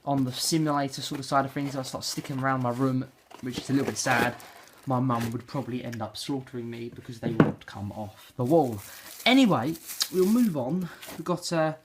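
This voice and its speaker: Talking fairly quickly with hardly any pauses, a young English vlogger with a mid-range voice rambles through an unboxing in his bedroom. Fillers and self-deprecating asides fill his casual chat. Crinkling packaging and clicks come through the noisy handheld camera mic.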